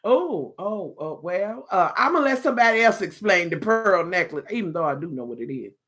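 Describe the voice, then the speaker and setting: A woman's voice: on the low side, very animated, moderate pace, fairly bright tone. A woman hosting a casual live stream, chatting in a sassy, bawdy way with laughing asides to her viewers.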